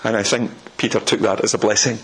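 A man's voice: on the low side, little pitch movement, fast talker, fairly bright tone, slightly rough, rough recording. A man from Scotland with a Scottish accent, preaching a sermon with rhetorical questions and folksy asides.

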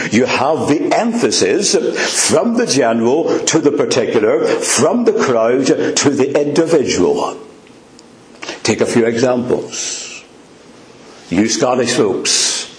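Slow, emphatic preacher in an echoey room. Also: male voice, mid-range voice. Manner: slow, emphatic, drawn-out words. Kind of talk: sermon.

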